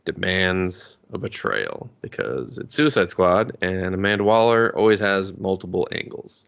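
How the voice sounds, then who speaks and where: Profane, animated man co-hosting a podcast. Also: unhurried, vocal fry. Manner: animated, profane, jumps to high pitch for jokes. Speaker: podcast co-host. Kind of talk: casual movie review chat.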